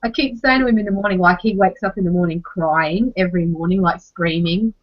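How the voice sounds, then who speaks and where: A young Australian woman chatting casually on a podcast, talking quickly from one story to the next, with an exasperated edge and casual swearing. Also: fairly low pitch. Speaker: podcast co-host. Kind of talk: casual chat. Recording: slightly muffled lo-fi audio.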